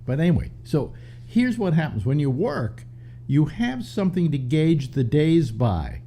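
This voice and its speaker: An older man hosting a call-in talk show, chatting casually with a stuffy nose and many halting restarts. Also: fairly high pitch, very animated, dark tone. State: stuffy nose, slightly short of breath. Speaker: radio talk show host. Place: home studio in New York.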